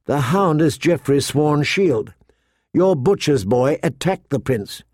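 A man's voice: a little high, animated, slow, a little mellow, dry recording, clean studio sound. A man voicing a proud, vain young noble girl who talks haughtily, in an audiobook reading. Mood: haughty. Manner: haughty, whiny.

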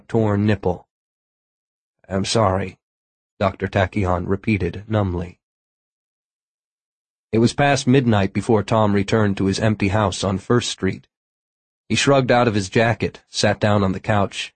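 A male audiobook narrator with a low voice reads scripted narration with no echo. His storytelling is steady and measured.

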